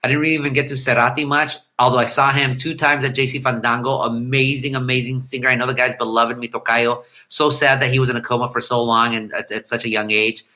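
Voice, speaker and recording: A middle-aged man chatting loosely on a home livestream, reading out comments as they come. His voice is bright and forward. He wanders between thoughts and breaks into hummed, scatted bits of melody. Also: medium pitch, little pitch movement, fast talker, few pauses. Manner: rambling, hums and scats melodies. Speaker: livestream host. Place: home room.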